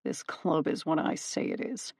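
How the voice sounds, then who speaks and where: A woman voicing a proud male god of the underworld in an audiobook, cool and commanding, with a warm soothing baritone put on. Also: normal speed, gravelly, no echo, clean studio sound. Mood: cold. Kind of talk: audiobook character voice.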